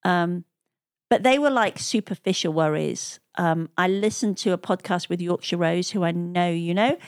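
A woman's voice: on the low side, normal speed, darkish tone, dry recording, clean studio sound. A woman telling stories as an interview guest, chatting freely, laughing often and quoting the people she met. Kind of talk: conversational storytelling.

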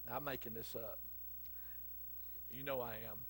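A middle-aged Southern preacher with a husky, slightly breathy voice at an ordinary pitch. He tells homespun stories in a folksy drawl and breaks into loud emphatic bursts. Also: steady tone, normal speed. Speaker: pastor. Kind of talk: sermon.

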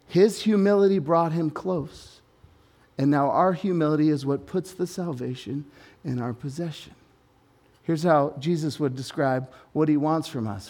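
A man preaching a sermon at a church service, swinging from loud, urgent proclaiming to low conversational asides and jokes. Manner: informal, joking tangents with everyday examples. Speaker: pastor.

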